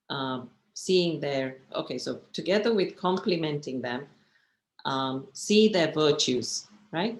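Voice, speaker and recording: Woman meditation teacher, encouraging and chatty, talking over a video call from a roomy, echoey space. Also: sits low. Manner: chatty and encouraging, often checking in with listeners. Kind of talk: online workshop talk.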